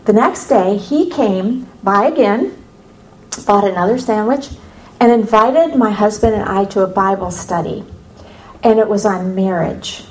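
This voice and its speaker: A woman from the United States giving a personal faith testimony to an audience, telling it as a lively story with humorous asides. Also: mid-range voice, a little hiss or hum, low-quality recording. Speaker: speaker sharing her faith testimony.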